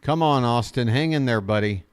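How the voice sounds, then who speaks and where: A man calling a baseball game as a fan streamer, chatting directly with his viewers and getting excited on big plays. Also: medium pitch, normal speed, clean tone, no room sound. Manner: chatty, talks straight to his chat viewers. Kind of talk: live fan play-by-play commentary.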